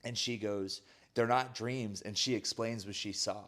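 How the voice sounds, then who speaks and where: Animated man retelling a plot, lowish voice. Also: unhurried. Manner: animated storyteller acting out quoted lines, frequent "like". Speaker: podcast co-host. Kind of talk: casual chat retelling a film plot.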